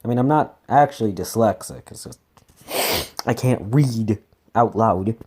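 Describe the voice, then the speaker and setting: A man's voice: on the low side, unhurried, darkish tone, slightly rough. A man reading a text adventure aloud, often tripping over words and correcting himself, with joking asides. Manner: stumbling reading, frequent self-corrections. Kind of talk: casual read-aloud gameplay with asides.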